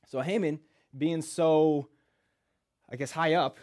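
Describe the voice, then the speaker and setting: A man preaching in a church, retelling a Bible story in a casual, joking way with rhetorical questions and quick asides. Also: a little high, steady tone, a little mellow.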